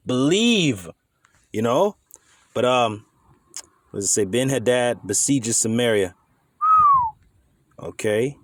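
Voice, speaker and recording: A man's voice: mid-range voice, lively intonation, a little slow, pauses often, no room sound. Dry, close-miked man teaching scripture. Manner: emphatic, conversational, swears casually. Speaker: bible teacher.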